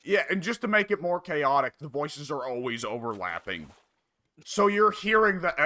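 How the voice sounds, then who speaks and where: A man in his twenties chatting casually with a friend while gaming, relaxed and quoting comedy lines. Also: fairly high pitch, normal speed.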